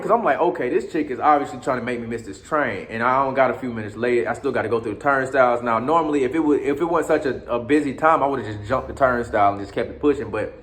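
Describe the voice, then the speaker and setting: A man at a middle pitch telling a story in loose street slang. He curses freely, restarts his sentences and keeps turning to his listener with asides. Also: a bit bright. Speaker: storyteller recounting his time abroad. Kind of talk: casual storytelling.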